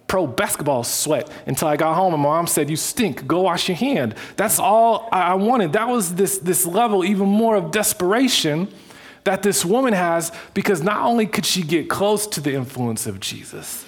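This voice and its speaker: A man's voice: high voice, normal speed. Man preaching a conversational sermon. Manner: conversational, animated storytelling with many restarts. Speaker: pastor.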